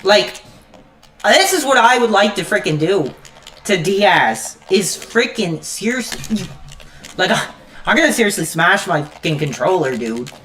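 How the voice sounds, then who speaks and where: A woman's voice: mid-range voice, a bit bright. Woman streamer, furious live rant, profane and stammering. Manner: repeats "frickin'" constantly. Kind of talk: angry live-stream rant while gaming.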